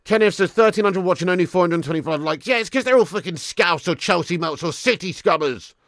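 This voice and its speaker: A man hosts a live football watch-along, cursing freely, reading out viewer messages and swinging between shouts and grumbling. His voice sits high and cuts through with a bright, sharp edge. The sound is dry and close, with no room around it. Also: lively intonation, brisk, no room sound. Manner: sweary, swings from shouting to muttering.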